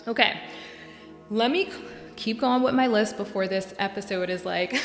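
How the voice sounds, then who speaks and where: A young adult woman from New York hosting a solo podcast, talking earnestly and getting worked up and animated. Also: medium pitch, a little fast, faint music behind. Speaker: podcast host and coach. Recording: echoey room with long reverb.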